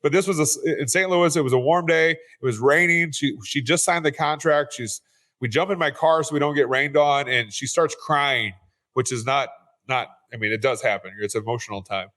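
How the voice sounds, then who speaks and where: A man's voice: a little high, brisk, fairly bright tone. A man who is a real estate investor, speaking as a guest in a casual interview, earnest and often repeating words as he restarts.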